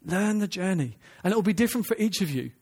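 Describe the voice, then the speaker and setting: A middle-aged man delivers a sermon in a fairly high voice. He talks earnestly and emphatically, often breaking off to restart a phrase or put a question to the congregation. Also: lively intonation, fast, a little mellow, slightly rough. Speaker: preacher.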